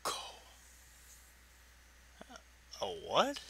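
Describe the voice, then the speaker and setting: A man's voice: fairly low pitch, huge pitch swings, drawn-out words, creaky, sharp tone, slightly rough, dry recording. A man rambling through let's-play game commentary, swearing casually and talking to himself and his viewers. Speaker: gaming video host.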